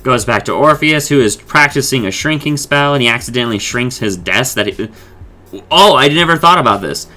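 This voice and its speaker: A man of middle pitch with a bright, forceful voice talks through a cartoon episode as a podcast host. He rambles casually, swearing freely and paraphrasing what the characters say, while faint music plays underneath. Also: lively intonation, fairly quick. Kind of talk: casual episode recap and discussion.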